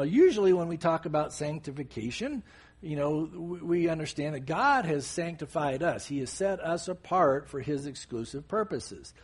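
Brief: male preacher, lively up-and-down delivery, slightly husky, chatty asides. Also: fairly high pitch. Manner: animated, conversational teaching with asides. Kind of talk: sermon.

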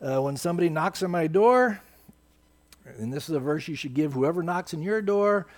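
A man's voice: on the high side, lively intonation, normal speed. A man preaching a sermon, quoting scripture with emphatic, rising force.

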